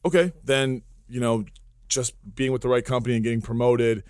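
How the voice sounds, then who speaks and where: A man's voice: medium pitch, fairly even intonation, a little fast, clear, resonant tone, no echo, studio quality. A man who is a podcast guest and fitness entrepreneur, talking in a blunt, joking way with plenty of asides in casual chat.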